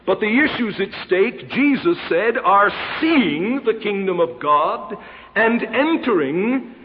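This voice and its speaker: A man preaching a formal, emphatic expository sermon in a church, quoting scripture with a measured cadence. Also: high voice, lively intonation, a little hiss or hum. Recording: dull lo-fi recording in a reverberant hall.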